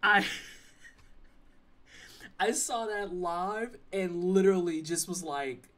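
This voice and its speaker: Here a young adult streamer jokes and teases chat while playing live, keeping the commentary casual, playful and chatty. Their medium-pitched voice is very animated and fairly bright, moving at a measured pace with long pauses. Faint game music plays under a slightly distant mic.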